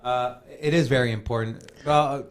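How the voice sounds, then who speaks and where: A man's voice: medium pitch, moderate pace. A man hosting a casual crypto show, joking and talking straight to viewers. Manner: animated, joking, addresses viewers as guys. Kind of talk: casual podcast banter.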